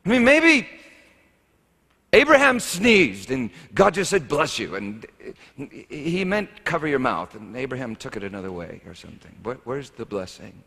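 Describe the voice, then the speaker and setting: Wry, conversational pastor in a reverberant hall. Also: male voice, medium pitch, very animated, moderate pace, a bit bright. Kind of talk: sermon.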